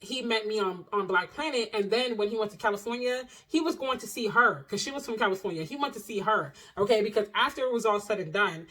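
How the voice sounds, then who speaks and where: A young adult woman telling a personal story to her viewers in a casual vlog, animated and expressive, full of slang and asides to the audience. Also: mid-range voice, quick pace, few pauses, poor audio.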